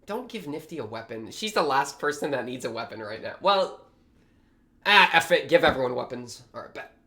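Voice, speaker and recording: Young guy reacting to a show, super animated voice going up and down, slangy and hyped. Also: medium pitch, a little fast. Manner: excitable, slangy, thinks aloud. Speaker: reaction video host. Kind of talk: casual reaction commentary.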